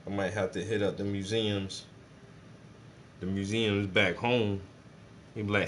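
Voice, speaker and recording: A man's voice: fairly low pitch, little pitch movement, measured pace, long pauses, fairly bright tone, slight background noise. A man, chatting casually and profanely while he paints, joking and rambling to his viewers. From South Carolina.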